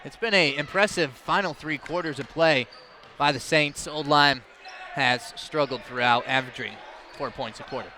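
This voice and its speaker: A man giving easygoing, chatty play-by-play commentary on a high school basketball game. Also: normal speed, pushed and bright. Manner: easygoing, chatty, laughs along with his partner. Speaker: play-by-play announcer.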